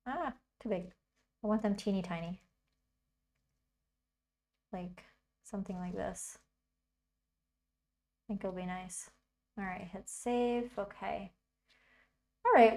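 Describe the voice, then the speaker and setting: A woman hosting a casual livestream tutorial, chatting and thinking aloud as she works. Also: mid-range voice. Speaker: tutorial host.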